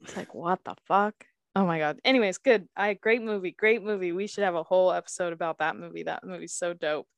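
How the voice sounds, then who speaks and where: A woman's voice: lowish voice, a little fast, no echo. A woman co-hosting a podcast in casual chat, giggly and rambling, swearing freely. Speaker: podcast co-host.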